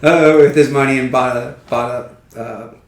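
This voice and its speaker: A man from Iowa chats as a podcast guest, telling animated stories and laughing often. His voice sits at a middle pitch and comes from a little way off the mic, with a roomy echo around it. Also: normal speed, distant mic. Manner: laughs often, animated storytelling with acted quotes. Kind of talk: casual storytelling chat.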